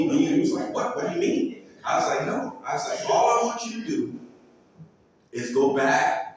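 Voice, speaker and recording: Man telling stories to a live crowd, animated, acts out dialogue, preacher-like calls, long reverb, distant from the mic. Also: mid-range voice, a little hiss or hum. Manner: faith-infused, preacher-like calls to the audience. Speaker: builder and speaker. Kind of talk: storytelling speech to a live audience. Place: large hall with an audience. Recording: echoey hall, voice picked up from afar.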